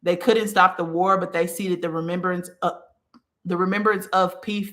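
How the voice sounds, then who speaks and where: A woman with a somewhat low voice gives a casual spiritual teaching talk as host. She speaks earnestly and straight to the listener, often checking in with "okay?" and going back to restart her phrasing. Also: steady tone, normal speed, a bit bright.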